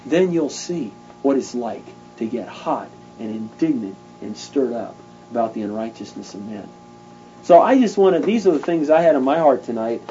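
A man's voice: medium pitch, animated, moderate pace, dull audio, music in the background. Fervent, conversational male preacher. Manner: fervent, conversational, acts out stories in voices. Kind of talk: informal sermon.

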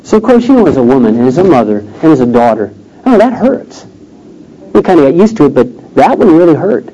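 A middle-aged man tells a family story from the pulpit, voicing the people he quotes as he goes. His voice sits a little high and mellow. The recording is dull and lo-fi, with faint noise behind it. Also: sing-song, a little fast. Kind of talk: sermon storytelling.

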